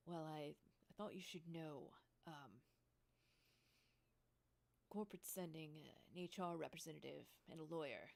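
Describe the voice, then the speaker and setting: A sheepish, chubby office worker, played by a woman in a tabletop role-play, stammers and apologizes as he talks. The voice is low and gravelly, with slow, halting delivery. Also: a little mellow, exaggerated voice.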